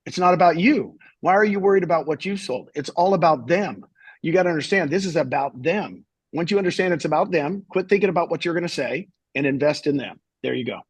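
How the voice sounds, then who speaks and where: A man's voice: fairly high pitch, animated, a little fast, slightly rough, dry recording. A middle-aged man on a webinar panel, a real estate agent, talking bluntly and repeating lines for emphasis.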